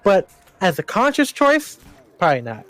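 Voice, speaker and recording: A man's voice: sits high, wildly swooping pitch, normal speed, a bit bright. A young man from Los Angeles, co-hosting a podcast in casual chat, rambling with many fillers and restarts. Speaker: podcast co-host.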